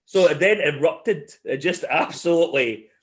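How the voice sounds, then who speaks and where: A man's voice: a little high, moderate pace. A middle-aged man hosts a casual chat. He tells stories with plenty of energy and breaks into laughter as he goes. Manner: animated storyteller, laughs often. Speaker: podcast host.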